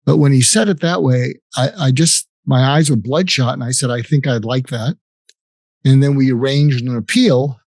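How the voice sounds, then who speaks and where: An older man, a psychiatrist, recounting a personal story in an interview, reflective and halting with restarts. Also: medium pitch, darkish tone, no room sound.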